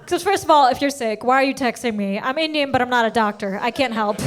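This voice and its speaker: A woman comedian performing a stand-up set on stage, telling stories with animated energy and laughing at her own jokes. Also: a little high, quick pace, crowd noise.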